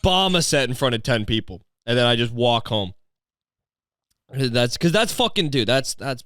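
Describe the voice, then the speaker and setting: A man who is a comedian and podcast host, telling a rambling, profane story in a deadpan, digressive way. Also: medium pitch, moderate pace, no echo, studio quality.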